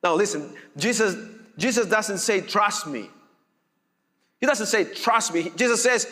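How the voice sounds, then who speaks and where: A man preaching a sermon as pastor, emphatic and deliberate, repeating his key phrases. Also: high voice, lively intonation, pushed and bright, in a large hall.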